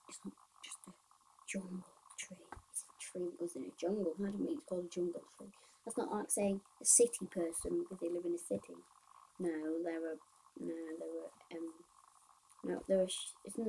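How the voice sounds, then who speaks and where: Husky-voiced woman rambling on a podcast. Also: on the low side, dark tone, low-quality recording. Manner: rambling, reads out game update notes; thinks aloud with pauses and restarts. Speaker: podcast host. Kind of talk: casual solo podcast chat.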